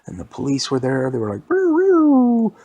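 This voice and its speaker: A man improvising a story for a child, animated and dropping into whispers for suspense. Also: medium pitch, fast, breathy edge, muffled recording.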